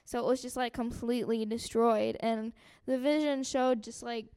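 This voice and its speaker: Young woman, smooth clear voice, soft and hesitant, sharing a testimony. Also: on the high side, fairly even intonation. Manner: soft, halting, many fillers and sighs. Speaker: church member giving testimony. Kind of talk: personal testimony to a group.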